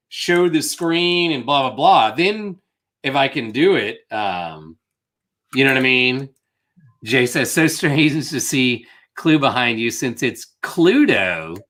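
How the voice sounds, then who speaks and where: Chatty guy rambling on a live stream, kinda high voice, real animated. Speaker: co-host of a reseller live show. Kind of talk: casual chat on a live stream.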